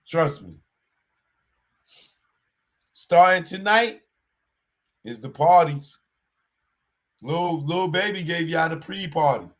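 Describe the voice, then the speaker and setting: Slow-talking man giving street warnings. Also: a little high. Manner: animated street talk, repeats warnings. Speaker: show host. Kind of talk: casual commentary monologue.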